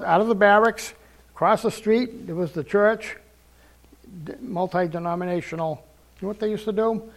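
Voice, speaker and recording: An older man preaching a testimony in a fairly high voice with a gravelly edge. He tells his story earnestly, repeats phrases for weight and acts out the lines he quotes. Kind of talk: sermon testimony.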